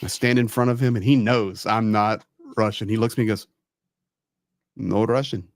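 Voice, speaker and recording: A man's voice: lowish voice, steady tone, fairly quick, dry recording, studio quality. A man hosting a casual talk show, telling stories in an emphatic way and repeating his points for stress. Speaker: host. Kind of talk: casual storytelling chat.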